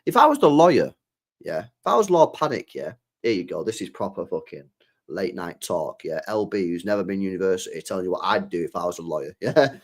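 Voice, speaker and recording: A man's voice: deep voice, brisk. A man hosting a live football stream, swearing freely and acting out imagined conversations. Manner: swears freely, animated, acts out imagined dialogue. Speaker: football channel host.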